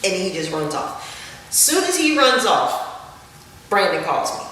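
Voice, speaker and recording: A woman, a podcast guest telling her story in lively, emphatic casual chat. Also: medium pitch, unhurried, slight background noise. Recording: echoey room, distant mic.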